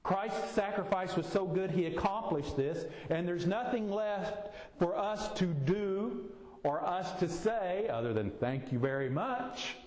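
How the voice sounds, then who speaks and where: Man, middle-aged, folksy sermon, unhurried delivery, slightly high voice, reverberant church hall. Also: animated, darkish tone. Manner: folksy, explains slowly with homely examples. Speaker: pastor. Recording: echoey hall, voice from a distance.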